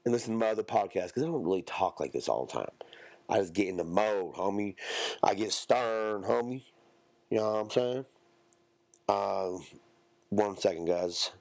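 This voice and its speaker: A man's voice: sits low, expressive, moderate pace, creaky, long pauses, a little mellow, no echo. A man hosting a solo podcast, rambling in profane, slangy street talk. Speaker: podcast host. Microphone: close podcast mic.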